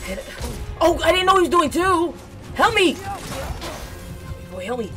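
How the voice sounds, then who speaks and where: Woman, streamer, live gameplay commentary, excitable, repeats herself, clear game music behind. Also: extremely high pitch. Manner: excitable, yells at the game, repeats phrases rapidly.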